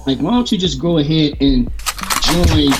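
A man's voice: a little high, big pitch swings, a little fast, heavy background noise. A male co-host giving a scathing political monologue in a cutting, sarcastic, mocking way.

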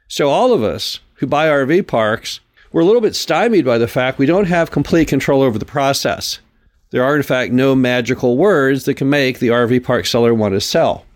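A man talks through his podcast alone, earnest and explanatory. His pitch sits in an ordinary middle range, and he lingers on key words, doubling them for emphasis. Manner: earnest, explanatory, leans on repeated phrases. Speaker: podcast host. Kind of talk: solo podcast talk.

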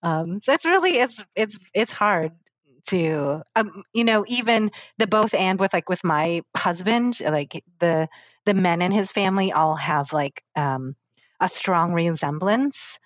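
A woman's voice: lowish voice, expressive, a little slow, no echo, dull audio. Rambling woman guest, dry sound. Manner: rambling, many fillers and restarts. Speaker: podcast guest. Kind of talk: casual interview chat.

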